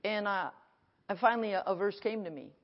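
A woman pastor preaching an animated sermon at a conference and acting out her dialogue, recorded in an echoey hall. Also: medium pitch, a little fast. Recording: echoey hall, dull sound.

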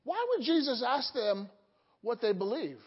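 A woman's voice: a little high, sing-song, a little slow, slightly rough. A woman preaching a sermon, quizzing the congregation with questions and dropping joking asides. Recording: dull lo-fi hall recording.

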